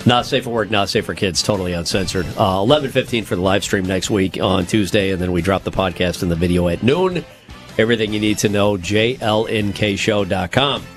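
A man's voice: fairly low pitch, a little fast, soft background music. A man co-hosting a comedy podcast, reading survey results aloud and joking around. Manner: jokey, reads out survey results, breaks into silly voices and laughs. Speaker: podcast co-host. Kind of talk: casual comedic podcast chat.

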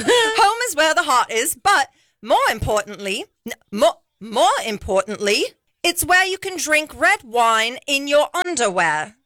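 A woman's voice: high-pitched, lively intonation, a little slow, pushed and bright, voice pushed up, heavily acted. A woman doing a playful put-on British accent that drifts toward Australian.

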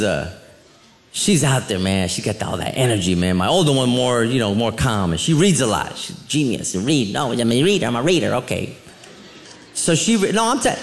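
A middle-aged man doing a stand-up comedy set, telling rambling, animated stories with asides. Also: mid-range voice. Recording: roomy venue sound with light noise.

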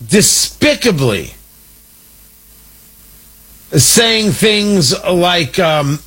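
A man's voice: high-pitched, sing-song, takes it slowly, pauses often, fairly bright tone, breathy edge, low-quality recording. A man hosting an opinion show, talking in an indignant, combative, mocking way. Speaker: political commentator host. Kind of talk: opinion monologue.

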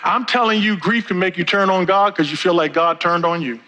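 A middle-aged male pastor preaching a sermon, with big swings in pitch and pace. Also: steady tone, brisk, pushed and bright, slight background noise, poor audio.

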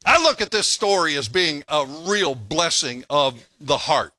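An older man preaching in a folksy, joking way, trading jokes and scripture. His voice sits high and swings around a lot, bright and forceful. The sound is dry and close. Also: very animated, a little slow, dry recording. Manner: folksy, joking preacher who breaks off to tell stories. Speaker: pastor. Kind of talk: sermon.

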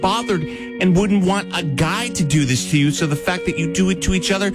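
A man's voice: high voice, brisk, music in the background. A man hosting a morning radio show, reading odd news stories and bantering playfully with his co-hosts. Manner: playful, reads news items aloud.

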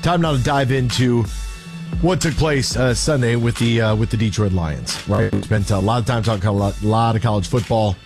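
A man's voice: mid-range voice, normal speed, music in the background. A man hosting a sports radio talk show, chatty and jokey, who sometimes sings his station plugs.

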